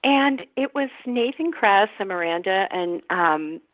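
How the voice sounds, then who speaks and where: Middle-aged actress gabbing on a podcast, tinny line, laughs a lot. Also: female voice, mid-range voice, lively intonation, a little slow, no room sound. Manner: chatty storyteller, laughs often. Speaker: actress guest. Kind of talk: casual podcast chat. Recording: tinny phone-line sound, dry.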